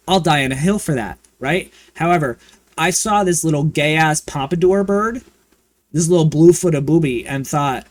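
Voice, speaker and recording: A man chatting casually and campily while streaming a video game, with playful swearing and excited bursts. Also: on the high side, moderate pace, dry recording. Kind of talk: casual gaming livestream chat.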